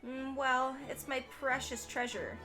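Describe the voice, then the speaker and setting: A woman's voice: high voice, fairly even intonation, a little slow, over music, pitched above the performer's own voice. A woman voicing a sweet, fretful, forgetful little cat girl in a game.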